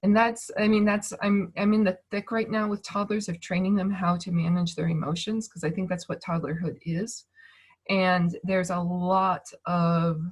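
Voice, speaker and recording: A woman in her thirties, giving a gentle, reassuring talk over a video call and thinking aloud as she goes. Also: on the low side, level tone, normal speed. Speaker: speaker on emotions and manifestation.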